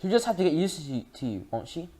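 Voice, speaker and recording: A reader voicing a shrewd elderly grandmother who speaks quietly and steadily. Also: mid-range voice, sing-song, fast talker, pitched above the performer's own voice, close to an everyday voice. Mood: calm. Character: calm, shrewd old grandmother.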